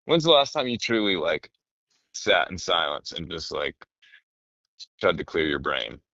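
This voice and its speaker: Low-voiced guy rambling on a podcast, swears a lot, voice jumps all over, dull dry lo-fi sound. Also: measured pace, no room sound. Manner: rambling animated storytelling, swears often. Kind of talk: casual chat.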